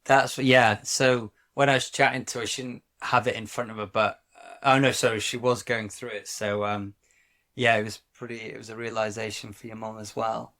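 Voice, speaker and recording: A man's voice: lowish voice, flat delivery, moderate pace, bright, forceful tone. A man co-hosting a podcast in casual chat, talking hesitantly with plenty of fillers and restarts. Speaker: podcast co-host.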